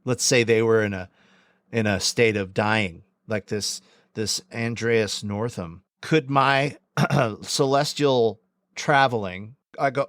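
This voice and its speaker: A man's voice: on the low side, slow pace, a bit bright, no echo, studio quality. Rambling man musing on a podcast. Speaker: podcast co-host. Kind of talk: casual chat.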